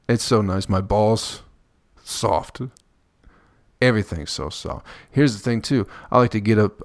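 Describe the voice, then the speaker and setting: A man's voice: on the low side, creaky, no room sound, clean studio sound. A man hosting a podcast, rambling through a profane comedic monologue and laughing at his own jokes. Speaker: podcast host.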